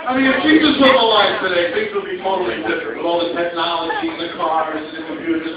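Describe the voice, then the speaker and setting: A man's voice: sits high, quick pace, a loud crowd. A man doing a stand-up set in a small club, telling crude stories into a handheld mic. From New York. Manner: brash storytelling with crude punchlines. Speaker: stand-up comedian. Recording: distant echoey lo-fi club recording, audience.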